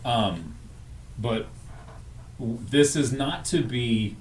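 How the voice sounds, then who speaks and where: A man's voice: medium pitch, animated, takes it slowly, long pauses, reverberant, recorded from a distance. A man co-hosting a radio show, chatting casually, rambling and correcting himself as he goes. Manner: rambling, self-correcting, laughs at own jokes. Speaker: radio co-host. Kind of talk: casual morning radio banter.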